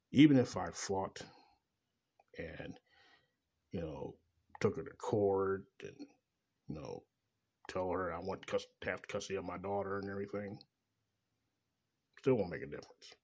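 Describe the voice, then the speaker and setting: A middle-aged man with a very low, husky voice rants in a rambling personal monologue. His talk is bitter and laced with profanity. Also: measured pace, pauses often, darkish tone. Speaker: father venting about child support.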